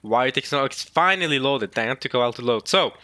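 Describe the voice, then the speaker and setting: A man's voice: mid-range voice, lively intonation, quick pace, bright, forceful tone, dry recording. A man casually reading and reacting to a comic chapter, rambling and chatty. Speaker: manga reaction host.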